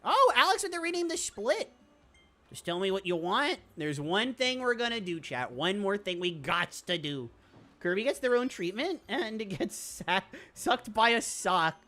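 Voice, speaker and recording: A speedrunner giving excitable, rambling commentary over gameplay, with quick laughs and self-interruptions. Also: medium pitch. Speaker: speedrunner streamer.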